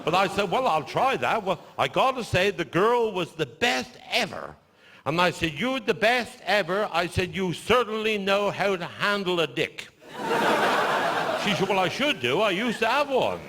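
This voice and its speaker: An older man with a Cornish accent telling stand-up stories, with dry deadpan asides after each punchline. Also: high-pitched, normal speed, very noisy. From Cornwall. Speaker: stand-up comedian. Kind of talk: stand-up storytelling. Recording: live show in a large hall with audience laughter.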